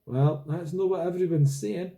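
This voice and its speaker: A man's voice: a little high, moderate pace, warm tone, voice pushed up, close to an everyday voice. A man voicing a wary, puzzled teenage schoolboy passing on gossip. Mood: accusing. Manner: accusing, puzzled.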